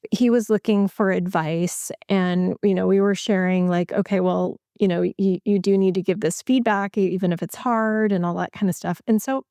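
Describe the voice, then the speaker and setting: A woman's voice: medium pitch, vocal fry, darkish tone, no echo, studio quality. A woman hosting an interview podcast, setting up a question in a hesitant way with many fillers. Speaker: podcast host.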